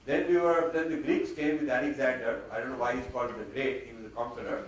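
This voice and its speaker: A man giving an animated public talk, mixing in Hindi phrases, recorded from a distance in a lecture hall. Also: mid-range voice, fast. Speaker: speaker. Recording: distant mic, very echoey hall, faint noise.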